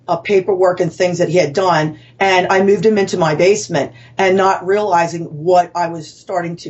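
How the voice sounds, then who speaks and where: A woman's voice: lowish voice, darkish tone. A woman author telling her story as a guest in an interview, rambling and earnest, with self-corrections and fillers. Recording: dull lo-fi sound.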